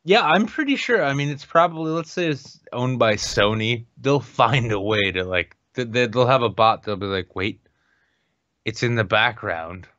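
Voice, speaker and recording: A man's voice: mid-range voice, expressive, moderate pace, hardly any pauses, a bit bright, dry recording, highs cut off. A man co-hosting a podcast, chatting casually, joking and swearing. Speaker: podcast co-host. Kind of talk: casual chat.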